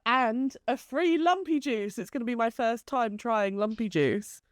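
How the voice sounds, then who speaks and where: A woman's voice: fairly high pitch, a little slow, no echo, clean studio sound. A woman co-hosting a casual chat, talking freely and laughing often. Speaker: podcast co-host.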